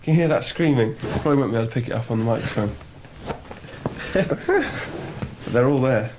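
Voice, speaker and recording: A man's voice: medium pitch, rapid-fire, a crowd in the background. A young man in his twenties, a band member, joking and self-mocking in a casual interview. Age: 20s.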